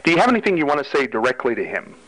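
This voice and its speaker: A man's voice: medium pitch, sing-song, racing, a bit bright, low-quality recording. A male host with a mid-range voice, speaking with enthusiasm and heaping praise on his guests. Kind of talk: casual interview.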